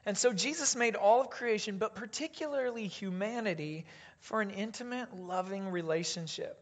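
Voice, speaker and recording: A pastor preaching a sermon in a deliberate way, dropping to a hush on key phrases and leading the congregation in reading aloud. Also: mid-range voice, muffled recording.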